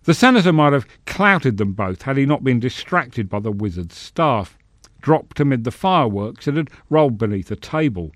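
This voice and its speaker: A man reading a fantasy story aloud in measured, expressive narration. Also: lowish voice, no room sound, studio quality. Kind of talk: scripted narration.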